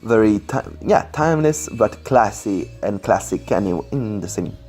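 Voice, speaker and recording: Man, non-native English, low-pitched, rambling game commentary, faint music behind. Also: animated, moderate pace, a little mellow. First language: not English. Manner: rambling, many fillers and restarts, apologetic. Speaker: Sims speedbuild commentator. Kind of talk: casual voice-over commentary. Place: indoors at home, computer on lap.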